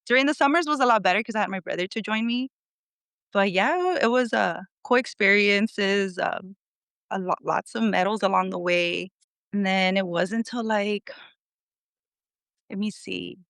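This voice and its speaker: A woman in her thirties, a former national team athlete, is a podcast guest casually telling stories about her athletic career. Her medium-pitched voice has vocal fry and a slightly bright, clean tone with no echo, at a moderate pace. She's chatty, laughs often, and acts out what her family and coach said.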